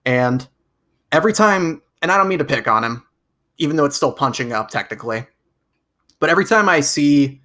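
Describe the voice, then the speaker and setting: Bright-voiced rambling podcast co-host man. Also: on the high side, animated, fairly quick, long pauses. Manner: rambling, restarts with stacked repeats. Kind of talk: casual chat.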